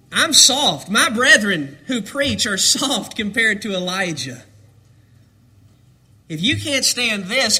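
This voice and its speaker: A man preaching a sermon, building to dramatic shouts and then dropping low. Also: slightly rough.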